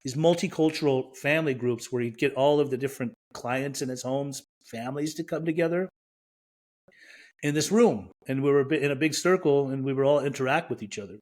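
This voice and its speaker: A man's voice: medium pitch, fairly quick, darkish tone. Man from Iran telling an emotional story. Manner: emotional, vivid retelling with quoted dialogue. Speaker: podcast guest. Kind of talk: personal storytelling.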